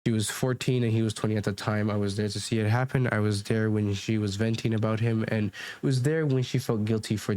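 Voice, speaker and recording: Low-voiced man arguing over comments. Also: a little mellow, dry recording. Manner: rambling, restarts and fillers, defensive. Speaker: commentary YouTuber. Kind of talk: argumentative commentary reacting to comments. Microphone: desk mic.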